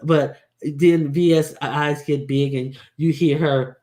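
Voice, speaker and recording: Slow, halting casual commentator. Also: medium pitch, fairly even intonation, darkish tone. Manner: halting, many restarts and fillers, blunt and profane. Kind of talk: casual spoken commentary recounting events.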